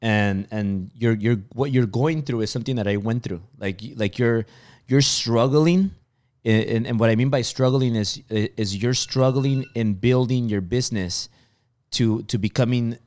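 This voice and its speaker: A man's voice: mid-range voice, normal speed, a little mellow. A man around forty, a business guest in a casual interview, speaking confidently and boastfully and often restarting his sentences. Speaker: entrepreneur guest.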